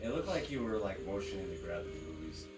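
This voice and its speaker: With a deep voice and a fast, very animated delivery, a man from Arizona rambles through tangents as he chats casually alongside a live-stream host. Game music runs in the background, and the recording quality is low.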